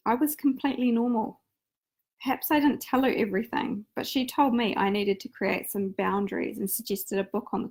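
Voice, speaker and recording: A woman reads her own memoir aloud in the first person, her voice gravelly and full of vocal fry. She sits at a middle pitch for a woman and keeps an earnest, confessional tone.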